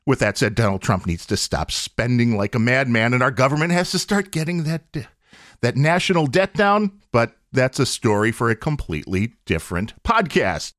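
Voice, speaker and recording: In an animated solo podcast rant, the male host pushes his opinions hard and fires off rhetorical questions. His mid-range, fairly bright voice moves at a normal speed, captured in a dry, clean studio recording.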